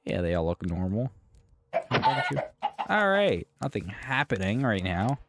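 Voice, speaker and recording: A man's voice: on the low side, sing-song, moderate pace, a bit bright, a little hiss or hum. A young man casually commenting while gaming, jittery and swearing, yelping when startled. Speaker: gaming YouTuber. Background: music.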